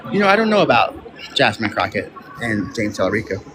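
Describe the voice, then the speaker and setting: A man's voice: fairly low pitch, sing-song, brisk, a crowd in the background. Chatty Texan man outdoors. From Texas. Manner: chatty, stumbles over words while reading. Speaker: vlogger. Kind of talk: casual tour chat and reading aloud. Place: outdoors at a public monument. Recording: outdoor ambient noise.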